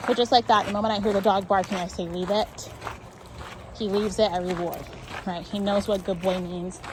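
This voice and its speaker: A woman's voice: medium pitch, fairly even intonation, moderate pace, noisy background. A woman dog trainer explaining a walk outdoors on a neighborhood street, often checking in with "right?".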